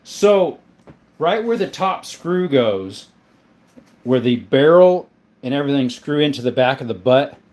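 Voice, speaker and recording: A man's voice: mid-range voice, expressive, measured pace, a little mellow. A man hosting a casual livestream, reading viewer comments aloud and answering them in a friendly way, often calling people "my friend.". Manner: friendly, answers viewer questions about his gun collection; often says "my friend" and "mate". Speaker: livestream host reading chat.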